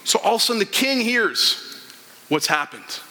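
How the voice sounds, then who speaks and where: A man's voice: high voice, sing-song, moderate pace, pushed and bright. A man preaching a sermon as a pastor, retelling a parable and acting out the characters' lines. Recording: long hall reverb.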